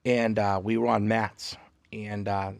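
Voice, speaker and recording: Boston-accented man telling animated stories. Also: fairly low pitch, slow, creaky, no room sound. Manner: animated storyteller, jokey and boastful. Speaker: guest comedian. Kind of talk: casual podcast chat. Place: podcast studio.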